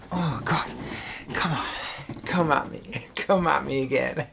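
Slow teasing man, whispered role-play. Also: mid-range voice, creaky, heavy background noise. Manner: playful, teasing, laughs often.

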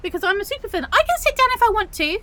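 A woman's voice: extremely high pitch, very animated, racing, pushed and bright, exaggerated voice, low-quality recording. A woman voicing a touchy young female otter-girl supervillain who protests indignantly and trips over her words in an audio role-play. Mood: flustered denial. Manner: indignant, flustered, protests too much and stumbles over words.

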